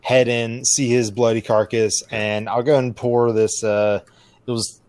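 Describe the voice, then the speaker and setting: A man's voice: medium pitch, level tone, a little slow, darkish tone, no room sound. A man playing a tabletop game, talking in a casual, rambling way with filler words. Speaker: player.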